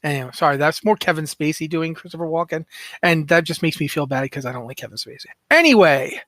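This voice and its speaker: A man's voice: a little high, expressive, fast, a bit bright, no room sound, studio quality. A man hosting a casual podcast, rambling and joking at his own expense. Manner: rambling, self-mocking banter. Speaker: podcast host.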